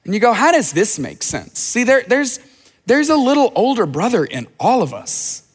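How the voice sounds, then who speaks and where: A man's voice: extremely high pitch, big pitch swings, moderate pace, slightly rough. A man preaching a sermon, asking rhetorical questions and acting out the characters' lines. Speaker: pastor. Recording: long reverb of a large hall.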